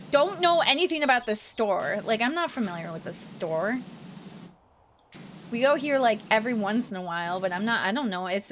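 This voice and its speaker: A young Midwestern American woman tells her stream a story while gaming, animated and casual, her voice jumping high whenever she gets exasperated. The recording is rough, with a little hiss or hum.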